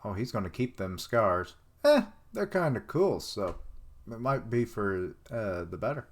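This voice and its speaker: A man reading a manga chapter aloud on a live stream, chatting and thinking out loud as he goes. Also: fairly low pitch, very animated, a little slow.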